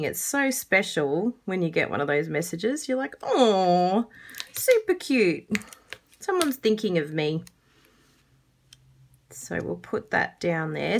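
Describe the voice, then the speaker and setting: A woman's voice: fairly low pitch, vocal fry, slightly rough. A woman with an Australian accent giving a chatty, casual card-making tutorial, laughing often.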